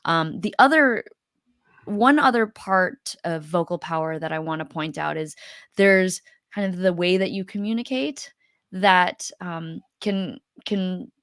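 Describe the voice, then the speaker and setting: A woman's voice: fairly low pitch, unhurried, a bit bright, no room sound, clean studio sound. A woman co-hosting a casual coaching chat, talking loosely with many fillers and restarts. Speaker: co-host.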